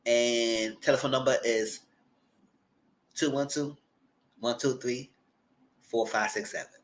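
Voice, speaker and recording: A man hosting a TV recap channel, retelling a story loudly and dramatically, with swearing and "girl" and "y'all" asides, sometimes squealing high voices for the people he quotes. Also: fairly even intonation, takes it slowly, a little hiss or hum. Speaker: channel host reviewing TV. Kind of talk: animated casual recap.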